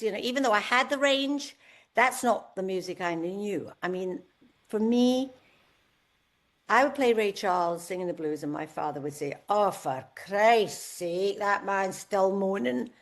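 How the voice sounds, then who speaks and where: Lively woman in her seventies. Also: mid-range voice, normal speed. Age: 70s. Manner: lively storyteller, acts out quoted voices. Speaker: guest singer. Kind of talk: candid podcast interview.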